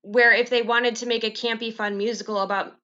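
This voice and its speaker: Podcast co-host, female, bright tone, slightly dull sound, wry delivery. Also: a little high, little pitch movement, fairly quick. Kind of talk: casual chat.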